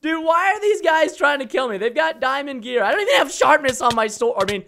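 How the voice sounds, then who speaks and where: A young man hosting a game stream, joking and bursting into excited shouts during play. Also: very high voice, fairly quick, gravelly, a little hiss or hum. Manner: loud, jokey, bursts into shouts. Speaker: gaming host. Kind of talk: excited gameplay commentary.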